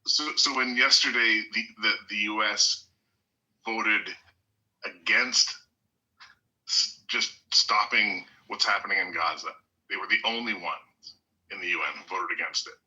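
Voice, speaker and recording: A man in a heated live-chat debate, halting and repeating words as he argues. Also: fairly low pitch, steady tone, sharp tone, low-quality recording. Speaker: foreign guest in a live audio chat.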